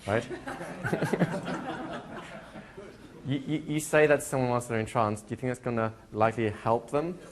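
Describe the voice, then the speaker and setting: A man teaching a hypnosis class to a live audience, talking in a relaxed way and slowing into soft hypnotic suggestions. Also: medium pitch, noisy background. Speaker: hypnosis trainer. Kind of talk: live training lecture. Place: training room with a seated audience.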